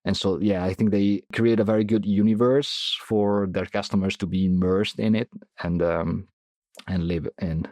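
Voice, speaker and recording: A man's voice: low-pitched, fairly even intonation, moderate pace, darkish tone, no echo. A man answering as a podcast guest in a casual, hesitant way, with many fillers and restarts.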